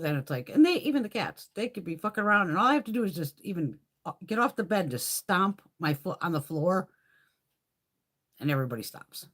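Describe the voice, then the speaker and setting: Middle-aged woman, husky and lower-pitched, swears freely while telling lively stories on a live chat. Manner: profane, storytelling, laughs often. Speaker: beauty vlogger hosting a live chat. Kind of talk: casual live-stream chat.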